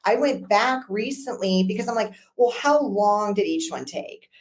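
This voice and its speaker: A woman's voice: mid-range voice, normal speed. A woman guest on a business podcast, a broker talking casually and laughing often as she tells stories. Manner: chatty, laughs often, lively storytelling.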